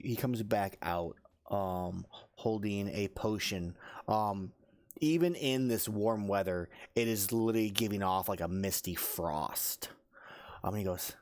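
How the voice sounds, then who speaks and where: A man's voice: lowish voice, a little mellow. A man narrating as game master, rambling with many fillers.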